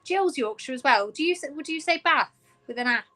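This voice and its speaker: A British woman chatting and teasing while hosting a live crystal sale, slowing down to read out items. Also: sits high, expressive, sharp tone, faint music behind. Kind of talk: casual live-stream sales chat.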